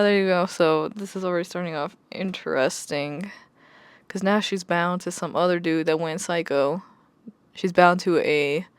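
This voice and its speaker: A woman's voice: fairly low pitch, clear, resonant tone, no echo. A woman book vlogger talking casually about what she is reading, chatty and exasperated, swearing and laughing often. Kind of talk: casual chat.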